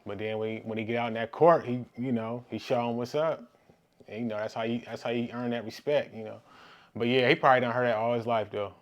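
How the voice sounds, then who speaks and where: A man's voice: medium pitch, steady tone, fast talker, highs cut off. A man hosting a reaction video, talking in a laid-back, casual way with many fillers. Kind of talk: casual chat.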